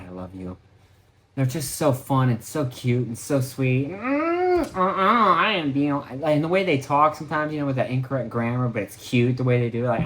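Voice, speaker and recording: A man hosting a podcast, talking in a rambling, profane, casual monologue that wanders and interrupts itself. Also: mid-range voice. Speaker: podcast host.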